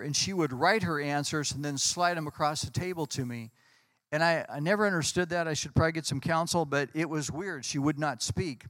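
A man, a pastor, telling lively anecdotes in conversation and acting out what people said. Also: fairly high pitch, no room sound. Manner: animated anecdotes, acts out quotes. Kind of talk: storytelling in a conversation.

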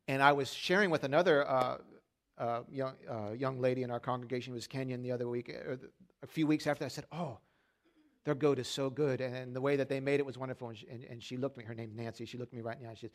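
A man's voice: on the high side, a little fast, fairly bright tone. Pastor guy preaching in church, talks casual and funny, quizzes the congregation. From Pennsylvania. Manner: conversational, interactive, asks the congregation questions; storytelling with humor. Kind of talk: sermon. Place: church sanctuary during a service.

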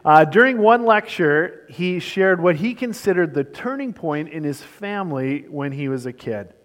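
A man's voice: on the high side, animated. Man preaching in a reverberant hall. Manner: storytelling, shifting between brisk and slow emphatic delivery. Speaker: pastor. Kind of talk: sermon.

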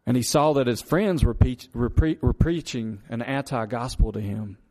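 A man's voice: medium pitch, moderate pace, a little mellow. A man preaching a sermon, earnest and repetitive, asking the congregation rhetorical questions. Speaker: pastor.

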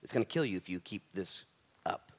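A male pastor preaching in a relaxed, everyday way. His voice climbs high and loud on key points, then drops low and quiet. He talks to his listeners directly and keeps it informal. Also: a little fast. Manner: casual and conversational, swings from loud emphatic to quiet intense. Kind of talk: sermon.

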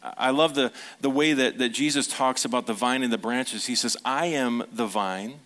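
A man's voice: mid-range voice, moderate pace, fairly bright tone. A middle-aged man preaching a sermon as pastor, in a conversational way, telling family stories and putting questions to the congregation.

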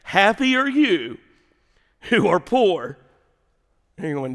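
A high-pitched male pastor preaching to his congregation in an animated, chatty way. He drops to a hush and then rises again for emphasis. A long reverb hangs in the church sanctuary. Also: slow, long pauses. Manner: animated, conversational, swings between loud and hushed. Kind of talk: sermon.

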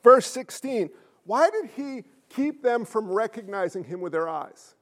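High-voiced, emphatic male preacher. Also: big pitch swings, unhurried. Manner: emphatic, full of rhetorical questions to the congregation; swings between loud stresses and hushed asides. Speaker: pastor. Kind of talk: sermon.

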